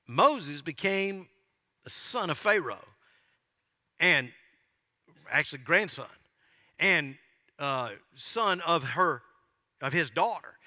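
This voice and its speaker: A pastor preaching a sermon in a church, telling the story in a folksy, joking way and asking the congregation questions. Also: male voice, a little high, bright, forceful tone. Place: church sanctuary. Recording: long hall reverb.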